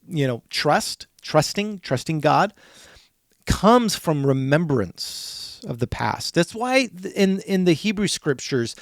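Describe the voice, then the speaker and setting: A man hosting a podcast, talking through a Bible passage in a relaxed, conversational way, often repeating words and saying "like". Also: fairly high pitch, no echo, studio quality. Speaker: podcast host teaching on scripture.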